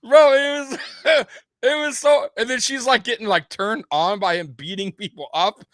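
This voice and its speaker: High, bright-voiced man ranting. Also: moderate pace, no echo, clean studio sound. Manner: animated, profane ranting with frequent laughter. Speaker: co-host of a sports podcast. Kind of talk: casual chat.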